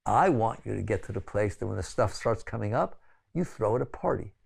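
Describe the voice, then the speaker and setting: A man's voice: animated, brisk, gravelly, breathy edge. An older man giving a spiritual lecture in a conversational, pleading way, with frequent "right?" asides. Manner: sudden high exclaiming bursts when acting out others. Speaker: spiritual teacher.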